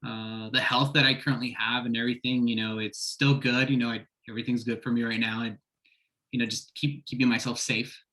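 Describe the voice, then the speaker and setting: A man's voice: mid-range voice, flat delivery, fairly quick, sharp tone, low-quality recording. A man speaking as a counseling client, hesitant and full of fillers. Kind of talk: counseling session role-play.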